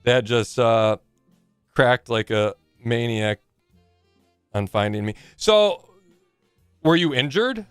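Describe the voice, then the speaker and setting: A man's voice: mid-range voice, slow pace, pauses often, smooth, dry recording, faint music behind. A man in his forties chatting casually on a live game stream, rambling and joking with plenty of swearing.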